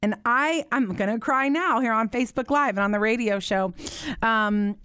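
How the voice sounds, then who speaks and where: A woman's voice: fairly high pitch, normal speed, a bit bright, smooth, no room sound, studio quality. A woman in her thirties hosting a live Q&A chat, talking earnestly and animatedly, with lots of fillers. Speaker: host.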